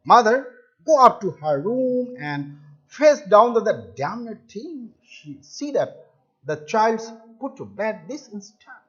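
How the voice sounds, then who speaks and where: A man's voice: high-pitched, very animated, slow pace, fairly bright tone, heavily acted. A man voicing a strict, stern father while reading a story aloud, giving orders in a dull lo-fi recording.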